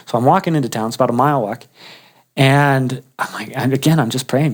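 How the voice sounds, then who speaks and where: A man's voice: medium pitch, fairly quick. A man casually telling a personal faith story, humorous and chatty, often restarting his sentences. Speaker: guest sharing a faith testimony.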